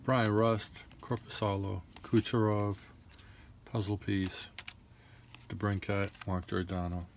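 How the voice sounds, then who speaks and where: A man's voice: fairly low pitch, little pitch movement, takes it slowly, a little hiss or hum. A young man casually opening trading card packs, rattling off names and grumbling in frustration.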